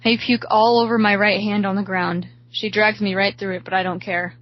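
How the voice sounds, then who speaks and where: A woman reading a horror story aloud in a steady, hushed way, recorded slightly dull. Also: mid-range voice, fairly quick.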